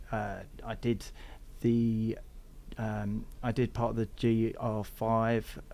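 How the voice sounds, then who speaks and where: A man's voice: lowish voice, vocal fry, darkish tone. A man from England with an English accent tinged by Australian, talking easily as a podcast guest about hiking and travel. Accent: English with some Australian. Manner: rambling, easygoing storytelling. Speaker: guest, thru-hiker. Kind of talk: casual interview chat.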